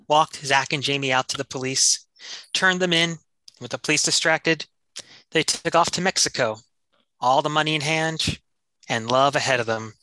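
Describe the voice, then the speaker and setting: A man doing mock radio announcing in a comedy sketch, formal and measured as he wraps up the show. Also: fairly high pitch, bright, forceful tone, no echo, poor audio.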